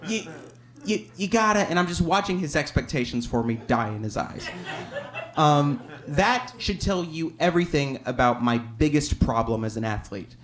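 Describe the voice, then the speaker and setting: A man's voice: medium pitch, animated, moderate pace. A man from Alabama telling a personal story on a theater stage, wry and self-deprecating, often chuckling as he talks.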